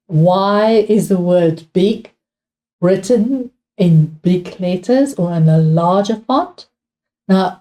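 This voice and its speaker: A woman teacher with a South African accent works through exam questions in a patient, unhurried way, often repeating her main points. Her voice is mellow and warm, and she speaks slowly. She keeps checking with her students as she goes. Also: mid-range voice. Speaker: English teacher. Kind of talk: exam revision lesson.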